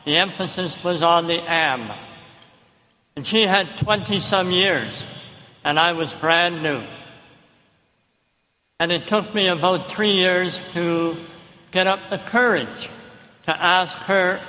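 Man, high bright voice, slow reflective testimony, echoey hall. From Thunder Bay, Canada. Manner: reflective, unhurried storytelling with pauses. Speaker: recovery meeting speaker. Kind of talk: personal testimony to an audience. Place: large hall with a live audience. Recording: echoey hall with long reverb.

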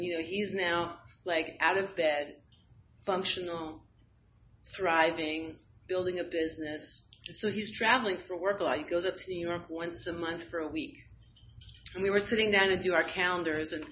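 A woman with a lowish voice gives an honest account of herself at a recovery meeting, frequently poking fun at herself and laughing. The recording is somewhat dull and lo-fi, carrying a faint hiss or hum.

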